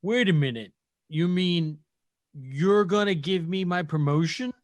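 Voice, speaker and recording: A man voicing a bossy male brute on a space station who carries a blade and shouts about his promotion. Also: high voice, a little slow, no echo. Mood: confused. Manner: shouting and indignant.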